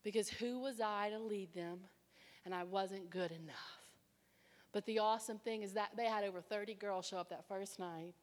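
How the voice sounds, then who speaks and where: A woman preaching a sermon, telling her own story with animated delivery and acting out other people's voices. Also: mid-range voice, normal speed. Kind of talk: sermon with personal testimony. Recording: long reverb of a large hall.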